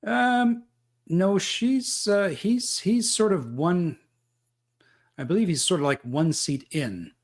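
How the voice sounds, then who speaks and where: A man running a tabletop role-playing game as game master, describing the action with frequent pauses and fillers. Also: high voice. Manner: measured, thinking aloud with fillers.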